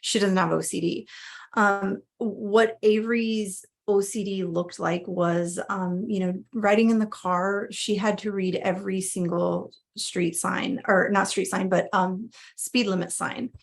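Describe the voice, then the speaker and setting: A woman's voice: medium pitch, fairly even intonation, unhurried, gravelly, few pauses. A woman in her thirties, a mother telling her family's story in a casual, conversational way, with frequent fillers and restarts.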